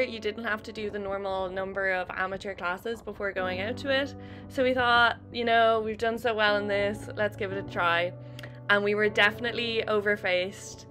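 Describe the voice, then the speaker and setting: A woman's voice: mid-range voice, sharp tone. A young Irish woman in a chatty, heartfelt vlog voice-over, with lots of "like" fillers. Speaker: channel host. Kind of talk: casual vlog voice-over narration. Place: voice-over over riding footage. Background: background music.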